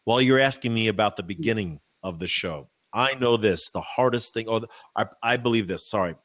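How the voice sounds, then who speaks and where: A man, a professional speaker, answering interview questions in a chatty, animated way with many fillers and restarts, using a practiced voice dropped low from the diaphragm. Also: fairly quick, no echo. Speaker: professional speaker, podcast guest. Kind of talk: casual interview answers, storytelling. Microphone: microphone.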